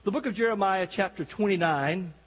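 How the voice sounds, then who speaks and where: A man's voice: high voice, a little fast, slightly rough, in a large hall, poor audio. A man preaching as a guest pastor, folksy and joking, talking directly to the congregation. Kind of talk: sermon. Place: church sanctuary.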